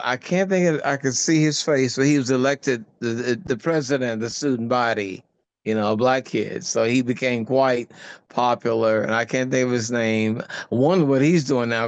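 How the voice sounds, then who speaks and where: A man's voice: mid-range voice, smooth, no room sound. An older man, a guest actor, telling stories in a casual interview, rambling and searching for words, laughing often. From United States.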